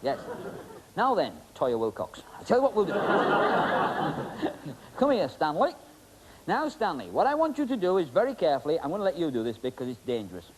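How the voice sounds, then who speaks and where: A man does comic stage-magic patter, teasing his volunteers and wandering through asides full of ums. His voice sits a little high and swings widely in pitch. Faint noise hangs under the recording. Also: huge pitch swings, moderate pace.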